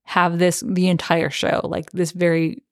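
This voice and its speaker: Woman cohost, low voice, dry mic, chatty and excited about the show. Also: unhurried, no room sound. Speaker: podcast co-host. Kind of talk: casual chat recapping a TV show.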